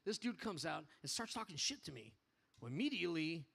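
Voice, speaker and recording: A man addressing his motorcycle club in a bar, telling an animated, profane story in casual speech. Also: on the high side, brisk, vocal fry, slightly rough.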